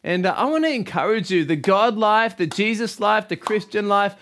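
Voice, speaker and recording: Upbeat pastor, high voice. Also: male voice, animated, moderate pace. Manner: warm, encouraging, conversational. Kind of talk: sermon.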